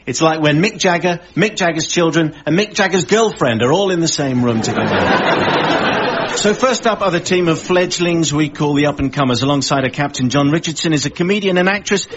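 A man hosting a comedy panel show, introducing guests with quick jokes. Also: a little high, expressive, a loud crowd. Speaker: host. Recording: dull lo-fi broadcast audio with audience noise.

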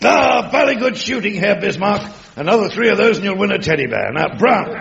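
An actor playing a bluff, plummy upper-class prince consort who cracks music-hall jokes in a comedy sketch. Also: male voice, high-pitched, sing-song, fairly quick, gravelly, crowd noise, full character voice. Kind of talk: comedy sketch with live audience. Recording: noisy lo-fi recording with loud audience.

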